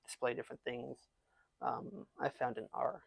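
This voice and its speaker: A man's voice: mid-range voice, vocal fry, breathy edge, no room sound. A young man, a transfer student, chatting casually in an interview with a slight lisp on his s sounds and plenty of fillers. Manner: casual, halting, many fillers.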